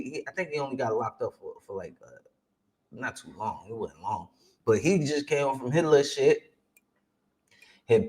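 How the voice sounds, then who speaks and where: A man's voice: fairly high pitch, a bit bright. A young man giving casual, slang-heavy commentary as a reaction streamer, often tacking "man" and "you feel me" onto his lines.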